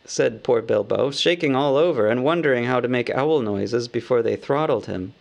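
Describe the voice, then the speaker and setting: A man narrating a storybook aloud in a measured, wry manner. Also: medium pitch, creaky, highs cut off. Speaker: audiobook narrator.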